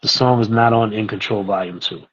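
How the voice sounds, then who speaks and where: A man's voice: on the low side, fairly quick, slightly rough, highs cut off. A man, telling a story casually as a guest and acting out the voices of the people in it. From East New York, Brooklyn. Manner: animated, acts out voices in his stories.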